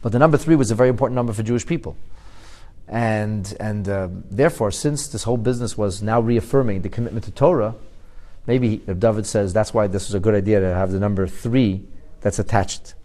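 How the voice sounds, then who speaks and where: A man teaching a Torah class, talking in a lively way, asking his listeners rhetorical questions and often restarting and repeating words as he explains. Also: on the low side, a little fast.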